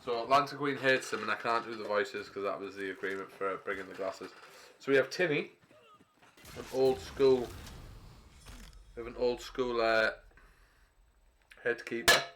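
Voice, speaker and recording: A man casting a live video game match, switching between rambling casual chat and quick play-by-play calls. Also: mid-range voice, sharp tone, slight background noise. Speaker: esports caster.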